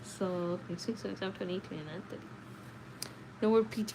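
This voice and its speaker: A young woman streaming live as she reads a novel aloud, louder on the dialogue and chatting casually with viewers between passages. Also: mid-range voice, steady tone, fairly quick. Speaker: livestreamer reading a novel aloud. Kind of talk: reading aloud with chat asides. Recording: faint background noise.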